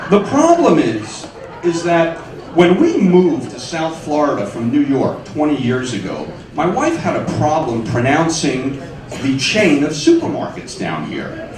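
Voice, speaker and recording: A stand-up comedian in his forties works a club stage, his voice a touch high and swinging widely from line to line. His delivery is wry and punchy. The sound is roomy and picked up from some way off the mic. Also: huge pitch swings, measured pace, a crowd in the background. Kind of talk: stand-up set. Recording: echoey club sound from far off.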